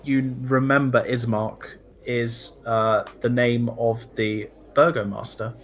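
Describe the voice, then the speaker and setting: A man narrating a tabletop game as dungeon master, relaxed and descriptive with small fillers. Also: mid-range voice, slow pace, low-quality recording.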